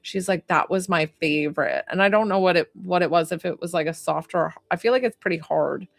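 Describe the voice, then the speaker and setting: A young adult woman with a fairly low, gravelly voice talks a little fast while giving a psychic reading on a casual livestream. She's chatty and emotional, with plenty of fillers.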